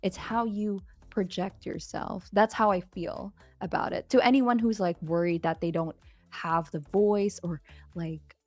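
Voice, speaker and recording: Relaxed woman guest, mid-range voice, dry close sound, laid-back chat. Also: mid-range voice, measured pace, dry recording, faint music behind. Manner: relaxed, easygoing; thoughtful, gives gentle advice. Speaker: audio and ASMR creator, guest. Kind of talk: casual podcast chat.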